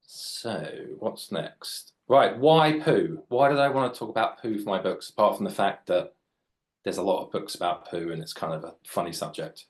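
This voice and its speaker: A man in his late 40s, a children's author, chats and jokes while drawing live for young readers, explaining each step as he goes. His voice sits on the low side and moves at a moderate pace.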